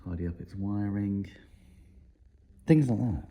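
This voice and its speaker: Deep husky-voiced mechanic, wry. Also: male voice, normal speed, dark tone. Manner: wry, self-deprecating, chuckling. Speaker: motorcycle mechanic and video maker. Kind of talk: casual workshop vlog.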